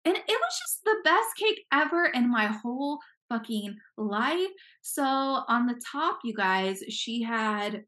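A young woman with a slightly high voice tells a story in casual podcast chat. She rambles along with plenty of "like" fillers and easy swearing, talking into a call mic. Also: very animated, takes it slowly, few pauses, fairly bright tone. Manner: chatty storytelling, swears freely, many "like"s. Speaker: podcast co-host.

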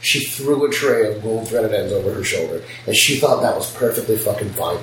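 A man's voice: on the low side, a little fast, background noise. A man who runs a piercing studio, telling blunt, profane stories in casual chat. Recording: roomy, distant mic, faint ambience.

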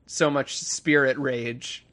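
A man's voice: mid-range voice, steady tone, slow, a bit bright. A man co-hosting a podcast in casual chat, rambling enthusiastically and swearing freely. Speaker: podcast co-host.

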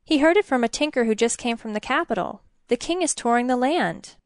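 A woman's voice: on the high side, animated, brisk, dry recording, clean studio sound, pitched above the performer's own voice, close to an everyday voice. A woman voicing a playful, teasing young village woman with a lilting voice.

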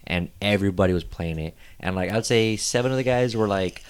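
Fairly low in pitch and fairly quick, this young man is a podcast host keeping things casual. He tells stories with real animation, and laughter breaks through again and again.

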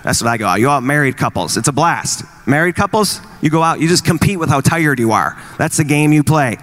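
A married man in his forties doing stand-up comedy, teasing the crowd and acting out quick exchanges in wry bits. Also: on the high side, lively intonation, fairly bright tone. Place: live venue with an audience.

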